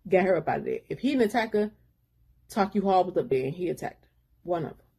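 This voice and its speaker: Brief: husky-voiced woman, relaxed book recap, rambling and slangy. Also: on the low side, fast. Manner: rambling retelling with slangy asides. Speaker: book reviewer.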